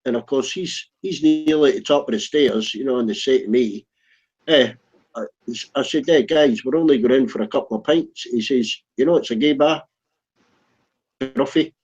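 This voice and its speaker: On a dull lo-fi recording, a man rambles through a comic pub anecdote in casual conversation, acting out each quote. He speaks at a moderate pace in a mid-range voice that's a little mellow with a breathy edge.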